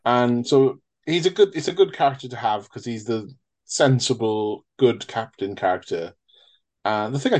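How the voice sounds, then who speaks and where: A man's voice: mid-range voice, darkish tone. A man in a casual, rambling film chat, swearing freely and restarting sentences. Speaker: podcast co-host.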